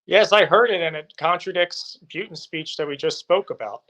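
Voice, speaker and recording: Firm, slightly high-voiced male guest. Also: normal speed, fairly bright tone. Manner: firm, assertive, with occasional fillers. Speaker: guest reporting from Ukraine. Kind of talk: remote interview answers.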